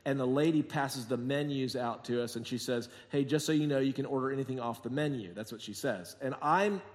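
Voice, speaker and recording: A man preaching a sermon as pastor, telling jokey stories and acting out quotes, moving between quiet asides and emphatic points. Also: medium pitch, brisk. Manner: jokey, sarcastic storytelling with acted-out quotes. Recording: long hall reverb.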